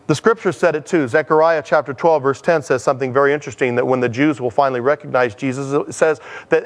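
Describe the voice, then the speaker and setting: A man's voice: medium pitch, fairly even intonation, fast, hardly any pauses. A man preaching a conversational sermon in a chatty manner, acting out dialogues as he teaches. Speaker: pastor.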